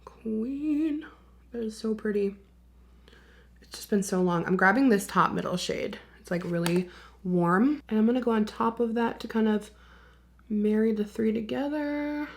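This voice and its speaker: A young woman talks straight to the camera in a relaxed get-ready-with-me chat while she does her makeup at home. She is chatty and candid and slips into soft whispers now and then. Her voice sits at an ordinary middle pitch. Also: moderate pace. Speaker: beauty vlogger.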